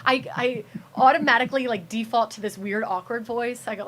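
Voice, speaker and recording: A woman's voice: fairly high pitch, fairly quick, fairly bright tone. A young American woman, a TV meteorologist, chatting as a guest in a casual interview, rambling with many restarts and fillers. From United States.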